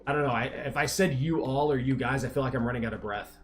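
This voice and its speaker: A Texan man with a mild accent talks fast at a medium pitch while live-streaming, with noise in the background. He chats casually and rambles, restarting often and leaning on fillers.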